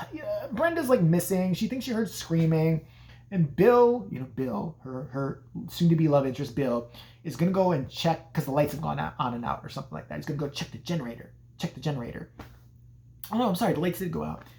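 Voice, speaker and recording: A man's voice: fairly high pitch, lively intonation, fairly quick, creaky, a little mellow. A man casually recapping a horror movie in a profane, sarcastic way. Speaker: movie reviewer.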